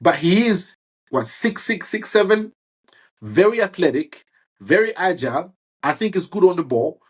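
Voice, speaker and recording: Guy with a husky, kinda high voice, rambling about football, lots of restarts. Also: big pitch swings. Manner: halting, many restarts, says "bro" and "you see what I'm saying". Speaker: football fan guest. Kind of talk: casual football chat.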